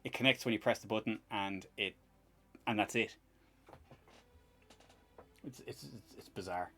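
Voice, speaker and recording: A man's voice: lowish voice, unhurried, a bit bright. A man hosting a live stream in casual chat while he tinkers, rambling, laughing often and swearing casually.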